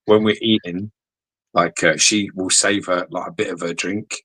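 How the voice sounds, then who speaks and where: A man's voice: deep voice, steady tone, moderate pace, sharp tone, dry recording, poor audio. A man co-hosting a podcast in casual chat, swearing constantly and teasing his co-host.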